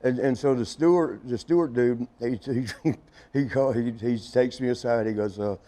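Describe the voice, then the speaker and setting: A man's voice: mid-range voice, normal speed, dark tone. Chuckling middle-aged man telling a tale. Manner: chuckling, rambling storyteller who acts out others' lines. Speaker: interview guest. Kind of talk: casual anecdote telling.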